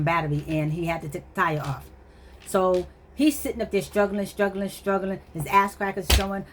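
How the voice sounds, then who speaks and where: Woman, casual vlog storyteller, exasperated and slangy, medium pitch. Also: slight background noise. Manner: animated, exasperated retelling with quoted dialogue; conversational, slangy, frequent fillers like "or whatever".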